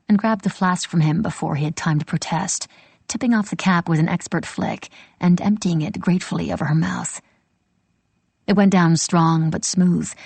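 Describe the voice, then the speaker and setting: A woman narrating an audiobook in a measured storytelling manner. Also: fairly low pitch, vocal fry, darkish tone, breathy edge, dry recording. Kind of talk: scripted narration.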